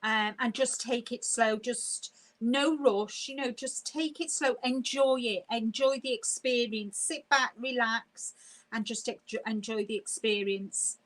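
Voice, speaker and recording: A woman hosting a casual live stream, chatty and quick to laugh as she reads viewer comments aloud. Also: on the high side, a bit bright, poor audio.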